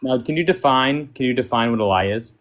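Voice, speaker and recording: A man's voice: mid-range voice, fairly quick, slight background noise. A man debater cross-examining his opponent with insistent, pressing questions.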